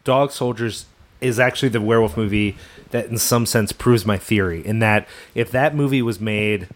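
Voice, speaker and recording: A man's voice: fairly low pitch, moderate pace. A man chatting casually on a podcast, wry and teasing. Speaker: podcast panelist. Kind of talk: casual chat about horror films.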